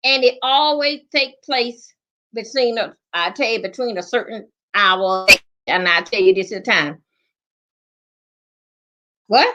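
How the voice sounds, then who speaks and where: A middle-aged woman with a high, bright voice spins a comic story from her own life. She talks loud and salty, leaning hard on repeated phrases for effect. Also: a little slow, pauses often, dull audio.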